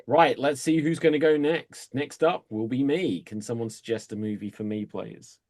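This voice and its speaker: A man hosting an improv comedy show, announcing games and calling time in a relaxed way. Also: medium pitch, moderate pace.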